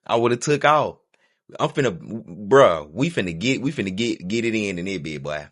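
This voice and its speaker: A man's voice: fairly low pitch, very animated, brisk. A man hosting a reaction video, talking back in a boisterous, slangy, repetitive way. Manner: boisterous, slangy, repeats himself. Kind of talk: reaction commentary.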